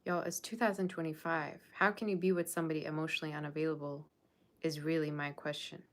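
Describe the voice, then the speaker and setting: A woman of Persian Russian background with a low voice and fairly even intonation talks fast in a casual tarot reading monologue. She's blunt and sassy with her viewers, scolding them about their standards.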